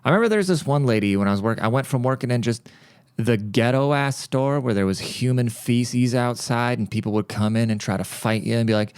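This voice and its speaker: Man, podcast host, casual rant, blunt, profane, smooth clear voice, dry close recording. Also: mid-range voice, a little fast, a little mellow, dry recording.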